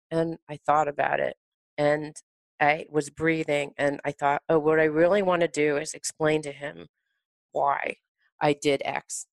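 A woman hosting a casual conversation, telling a personal story in a lively way and murmuring agreement often. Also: low-pitched, moderate pace, no echo.

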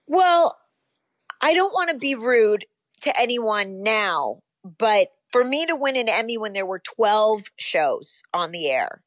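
A woman, an actress, telling her career story in a relaxed interview, thoughtful and full of pauses and restarts. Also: a little high, dry recording. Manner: reflective, with many ums and restarts. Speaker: actress guest.

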